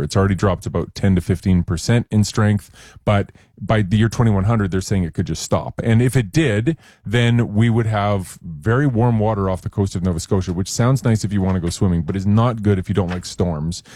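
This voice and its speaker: Radio science guest, male, low mellow voice, casual explainer, dry mic. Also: a little fast, no room sound. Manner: casual, explanatory, chatty with small jokes.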